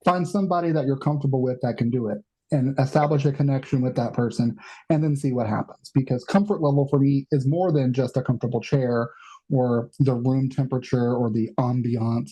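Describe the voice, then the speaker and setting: A man's voice: mid-range voice, a little fast, warm tone, breathy edge, low-quality recording. A man hosting a podcast, talking in a loose, joking, conversational way. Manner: talkative, joking, loose phrasing. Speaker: podcast host. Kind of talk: casual podcast chat.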